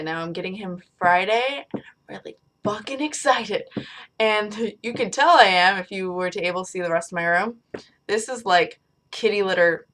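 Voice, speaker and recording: Young woman vlogger, rambly and casual, a touch low-pitched, talking into a webcam in a small bedroom. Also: fairly bright tone, slight background noise. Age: young adult. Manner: rambling, chatty, swears casually. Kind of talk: casual chat to camera.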